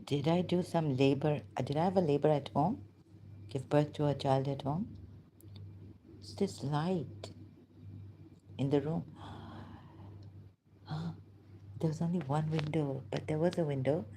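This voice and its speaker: A woman talking to herself in a halting, searching monologue, pausing and restarting often and turning emotional at times. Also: low voice, mellow, slight background noise, rough recording. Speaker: vlogger. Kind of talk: hesitant reflective monologue.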